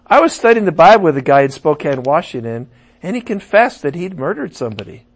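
A man preaching a sermon, animated, swinging from loud emphasis to muttered asides. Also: a little high, a little fast, breathy edge.

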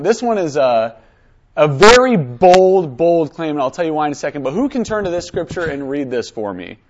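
Energetic man teaching a Bible class. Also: on the high side, dull audio. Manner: energetic, coaxing students.

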